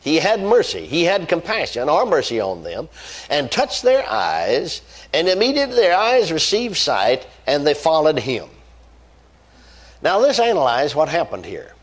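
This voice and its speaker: A man's voice: a little high, wildly swooping pitch, a little slow. A man preaching a sermon, reading scripture aloud and driving points home with repeated phrases and fervent exclamations. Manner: reads scripture aloud then stresses points with rising emphasis.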